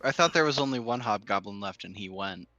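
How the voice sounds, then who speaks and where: A man playing a tabletop game, answering rolls in an unhurried way. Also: on the low side, animated, pushed and bright, no room sound, muffled recording. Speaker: player.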